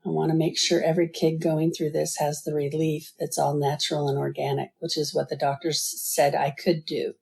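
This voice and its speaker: A woman's voice: low-pitched, little pitch movement, moderate pace, vocal fry, hardly any pauses, darkish tone, breathy edge. A middle-aged woman, a guest in an interview, earnestly telling her story and acting out quoted voices. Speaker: guest, business founder.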